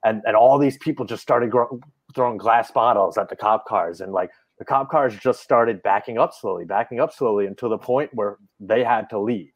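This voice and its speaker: Profane, animated man chatting casually. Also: fairly low pitch, normal speed, dull audio. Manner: profane, animated film retelling. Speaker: podcast co-host. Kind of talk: casual chat.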